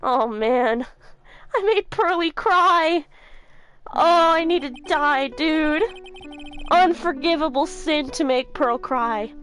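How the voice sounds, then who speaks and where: A woman's voice: sits high, takes it slowly, fairly bright tone, faint music behind. A woman streamer making playful, joking asides while playing a game. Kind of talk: casual commentary while playing.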